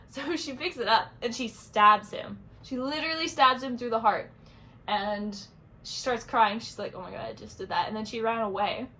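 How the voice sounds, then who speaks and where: A young woman talks through a book review in a loose, chatty vlog manner, piling up fillers as she goes. Her voice sits at an ordinary middle pitch for a woman. A faint background noise hangs under the recording. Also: fairly bright tone, low-quality recording. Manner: chatty, rambling, many fillers.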